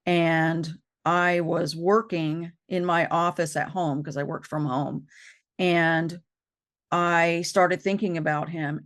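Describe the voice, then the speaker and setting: Halting, gravelly-voiced woman sharing grief. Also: fairly low pitch, a bit bright. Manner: halting, repeats herself. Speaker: co-host. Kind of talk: emotional personal conversation.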